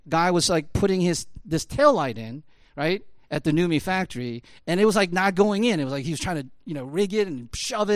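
A man's voice: a little high, smooth, no room sound. A man telling a story in a casual talk, full of fillers like "like" and "you know", building up to emphatic bursts. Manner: casual, lots of fillers, rising to emphatic peaks. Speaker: speaker.

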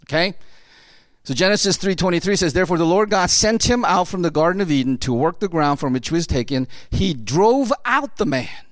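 A man's voice: sits high, expressive, fairly quick, dry recording, clean studio sound. A middle-aged man preaching a sermon in a loose, conversational way, often checking in with "right?". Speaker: pastor.

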